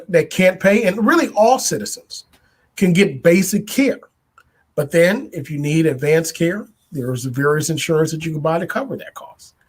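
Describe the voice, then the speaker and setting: A man with a fairly high voice talks through his views as the host of a podcast. He speaks deliberately, stacking up repeated phrases and rhetorical questions to drive each point home. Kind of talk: political commentary monologue.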